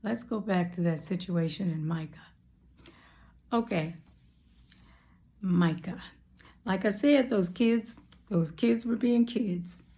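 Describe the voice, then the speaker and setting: A woman preacher shares a personal testimony in a slow, storytelling delivery. Her voice is low-toned and gravelly with a mellow darkness, and she often drops to a hushed whisper at the emotional points.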